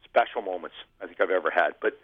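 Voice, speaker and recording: A man's voice: low-pitched, fast talker, no room sound. A man, a former hockey goalie, telling humorous, self-deprecating stories as a guest in a casual interview. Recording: tinny phone-like line.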